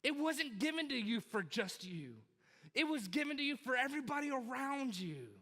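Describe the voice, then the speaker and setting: High, forceful preacher man in echoing hall. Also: expressive, normal speed. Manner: emphatic and repetitive, exhorting the congregation directly. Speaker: pastor. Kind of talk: sermon. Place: church auditorium.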